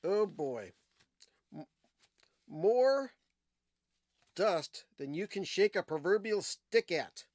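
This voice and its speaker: Man, livestream host, slightly high voice, dry close sound, rambling casual record chat. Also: animated, takes it slowly, pauses often, a little mellow, dry recording. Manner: rambling, digressive storyteller with fillers. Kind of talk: casual music talk, showing old records.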